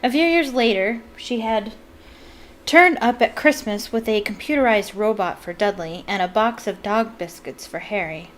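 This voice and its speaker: A woman reads a novel aloud at an ordinary mid pitch and drops into chatty asides between passages. A faint hiss of noise sits behind her voice. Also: moderate pace, rough recording. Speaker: book reader. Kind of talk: reading a novel aloud with commentary.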